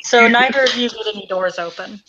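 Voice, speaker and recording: A woman's voice: on the high side, brisk, background noise. A woman running a tabletop role-play game, matter-of-fact as she calls the rolls. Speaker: game master.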